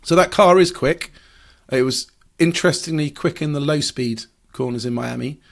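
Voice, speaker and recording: A man's voice: fairly high pitch, moderate pace, creaky. A man, a motorsport journalist, explaining racing strategy in a podcast discussion, analytical with frequent fillers and restarts.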